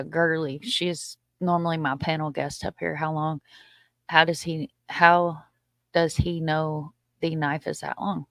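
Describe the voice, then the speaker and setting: Speaking at medium pitch with a fairly bright tone, this host reacts to viewer comments in a relaxed live chat, reading them out and offering blunt takes and quick repeated agreements. The sound is dry and clean, like a studio.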